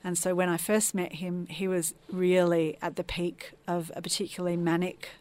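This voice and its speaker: Low-voiced woman telling her story. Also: flat delivery, moderate pace, a little mellow. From Tasmania, Australia. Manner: earnest, reflective. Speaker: podcast guest. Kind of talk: personal storytelling in an interview.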